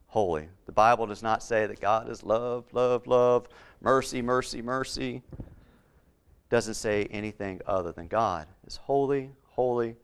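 A man's voice: fairly low pitch, clear, resonant tone. A man preaching a Bible-teaching sermon, repeating key words for emphasis and putting questions to his listeners.

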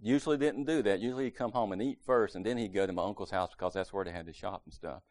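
Low-voiced dad telling stories. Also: male voice, fast, darkish tone, no echo. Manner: folksy, rambling, with brief acted-out quotes. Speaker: father sharing family stories. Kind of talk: casual storytelling monologue.

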